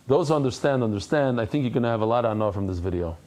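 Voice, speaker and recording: A man who is a rabbi giving a Talmud lecture, talking conversationally to his class and acting out anecdotes with lively energy. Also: medium pitch, racing. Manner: animated storyteller who acts out anecdotes; conversational, addresses the class directly.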